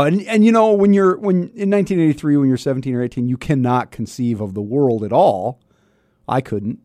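A man's voice: medium pitch, darkish tone, no room sound. A talk radio host in his fifties speaks in a loose, wry, rambling way, often restarting his sentences. His throat is a bit scratchy. The studio sound is close and dry. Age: 50s. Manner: chatty, self-interrupting, wry. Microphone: studio microphone.

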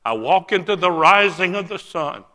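A man voicing an excited older religious man who speaks broken English in a rush. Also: high voice, pitched above the performer's own voice. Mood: elated. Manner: urgent, breathless, fast-talking. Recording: long church hall reverb.

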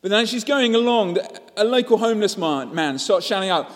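Preacher in an echoey hall. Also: male voice, sits high, fairly quick, few pauses. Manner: storytelling, with rhetorical questions. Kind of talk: sermon.

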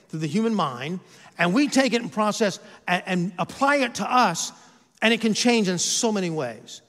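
A man's voice: high voice, a bit bright, big-room sound. A man who is a pastor, preaching a sermon and asking his listeners rhetorical questions, his volume rising and falling.

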